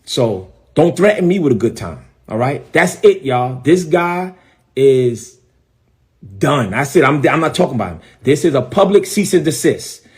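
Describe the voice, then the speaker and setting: A middle-aged man, a bishop, speaks on a live stream. He is emphatic and defiant, and repeats short phrases again and again. His pitch rises and falls widely from line to line. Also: very animated, moderate pace, darkish tone. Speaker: bishop and preacher.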